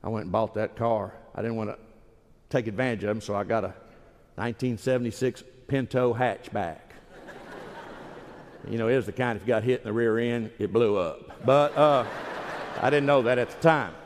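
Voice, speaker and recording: A man's voice: fairly low pitch, moderate pace, slight background noise. A man preaching a sermon in a folksy, emphatic storytelling manner. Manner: folksy, emphatic, acts out quoted voices. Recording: reverberant hall.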